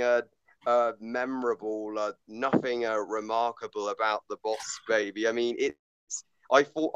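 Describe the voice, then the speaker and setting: A man reviewing a movie in casual chat, halting with many fillers and restarts, blunt and swearing. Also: mid-range voice, a bit bright, smooth, dry recording, low-quality recording.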